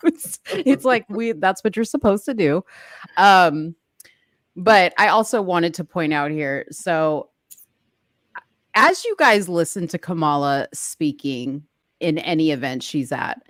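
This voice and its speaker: A woman's voice: lowish voice, animated, slow pace, long pauses, a bit bright, dry recording. Woman, thirties, chatty commentary co-host, dry close mic. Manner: chatty, laughs often, lots of "like". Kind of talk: casual political commentary chat.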